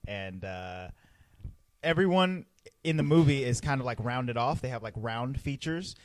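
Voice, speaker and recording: A man co-hosting a casual podcast chat, relaxed, joking and explanatory. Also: mid-range voice, measured pace, no room sound. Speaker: podcast co-host.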